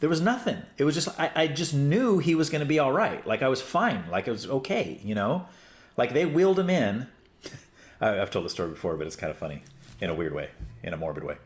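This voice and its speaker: Animated and a little fast, this middle-aged podcast host talks in a medium-pitched voice. His casual chat meanders, full of fillers and false starts, as he performs other people's quotes.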